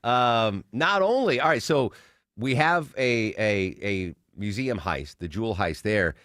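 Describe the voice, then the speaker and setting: Animated joking male radio host. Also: fairly low pitch, a little slow, dry recording, clean studio sound. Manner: joking, animated, riffs and does silly voices. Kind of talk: casual talk radio banter. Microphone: studio mic.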